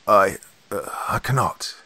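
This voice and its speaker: A man voicing a hungry, frightened castaway who stammers and pleads from a boat in the dark. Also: lowish voice, measured pace, slightly rough, no room sound, pitched above the performer's own voice, heavily acted. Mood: hesitant pleading.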